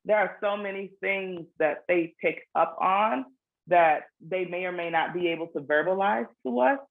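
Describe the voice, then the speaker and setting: A children's book author speaks earnestly in a casual interview, frequently restarting her phrases as she explains things. Her voice is fairly low and gravelly at a moderate pace, and the recording has a narrow, phone-like quality.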